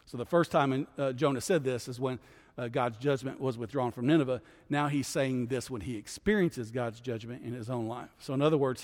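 Pastor teaching a Bible study in a reverberant hall. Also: male voice, mid-range voice. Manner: conversational, often adds "right?" and restarts. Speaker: guest pastor.

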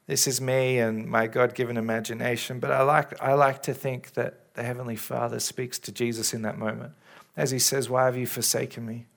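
A man preaching in a church, speaking as a pastor in an earnest, caring way with halting restarts, into a stage microphone. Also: mid-range voice, level tone, gravelly. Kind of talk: sermon. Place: church service. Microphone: handheld or stage microphone.

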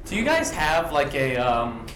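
A man's voice: mid-range voice, sing-song, unhurried. A young man co-hosting a casual podcast, playful and full of questions. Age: young adult. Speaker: podcast co-host. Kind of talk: casual chat. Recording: echoey noisy room.

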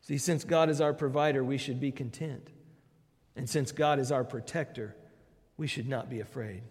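A man preaching a sermon, emphatic, moving between loud declarations and quiet, low phrases. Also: steady tone, normal speed, breathy edge, in a large hall.

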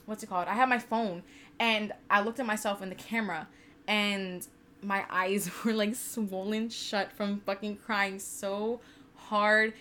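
A woman's voice: medium pitch, fairly even intonation, measured pace, sharp tone, slight background noise. A woman in her twenties telling a personal story in casual chat, candid and profane with lots of "like". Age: 20s. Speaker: podcast co-host.

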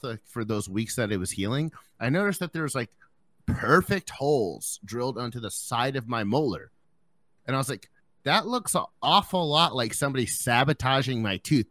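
A man's voice: mid-range voice, a bit bright, no room sound. A young man chatting on a podcast, telling a story with lots of swearing and acting out what others said. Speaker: podcast co-host. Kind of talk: casual chat.

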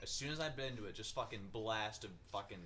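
A man's voice: lowish voice, fast, pushed and bright, slight background noise. A man chatting casually with friends, crude and laid-back, describing a taste in detail. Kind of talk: casual chat among friends.

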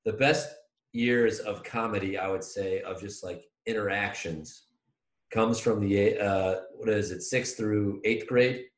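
A man's voice: fairly low pitch, fairly even intonation, a little slow. A young man hosting a podcast, telling a rambling, profane school story in casual chat. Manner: profane, rambling, acts out quotes loudly. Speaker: podcast host. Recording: echoey room.

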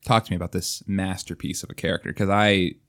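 A man co-hosting a podcast, retelling a book in casual chat, animated and laughing often. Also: sits low, fast. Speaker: podcast co-host.

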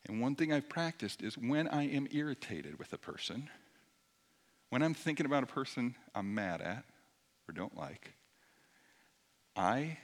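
A middle-aged man preaching a sermon in a conversational way, dropping at times to a hushed near-whisper. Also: medium pitch, very animated, unhurried, pauses often. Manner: conversational, shifts between loud emphasis and hushed near-whisper. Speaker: pastor.

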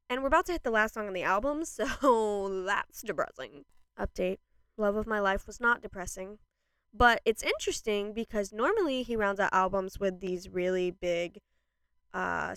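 A young woman vlogging a casual reaction to a new album, gushing and laughing, jumping between excited outbursts and quieter asides. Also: mid-range voice, a little slow, clean tone, dry recording, clean studio sound.

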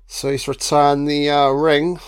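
A man's voice: on the high side, little pitch movement, a little slow, clean tone. A man doing a casual, crude film commentary, swearing freely and mocking the characters.

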